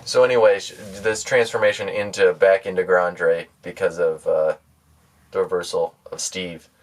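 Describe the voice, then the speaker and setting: Comedy podcast co-host, male, low voice, hesitant and full of fillers. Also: fairly even intonation, moderate pace, recorded from a distance. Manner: hesitant and matter-of-fact, many fillers.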